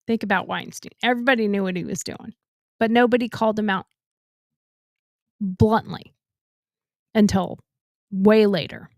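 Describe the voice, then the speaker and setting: A woman co-hosting a talk podcast, telling a personal story in a blunt, animated way. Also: medium pitch, no echo, clean studio sound. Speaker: podcast co-host. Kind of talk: casual storytelling.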